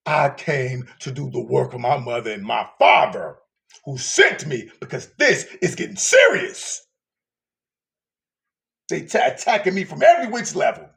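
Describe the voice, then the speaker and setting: A man preaching an emotional sermon, swinging from shouting to hushed whispers. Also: medium pitch, gravelly.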